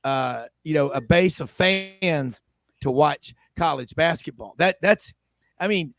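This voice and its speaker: Guy hosting sports talk, high voice, dry close sound, keeps cracking up. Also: lively intonation, slow pace, gravelly, a bit bright, no echo. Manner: chatty storyteller doing impressions, laughs often. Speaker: sports radio host. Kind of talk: casual roundtable chat.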